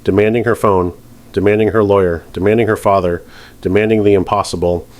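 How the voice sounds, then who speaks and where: A male narrator telling a dramatized story in a steady, dramatic delivery. His voice sits low. The narration is scripted and even-paced. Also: fairly quick.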